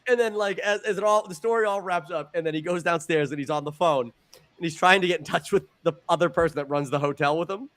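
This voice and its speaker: A man co-hosting a podcast, telling stories in a profane, animated way and stumbling over repeated words. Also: fairly high pitch, fast talker. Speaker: podcast co-host. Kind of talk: casual podcast chat.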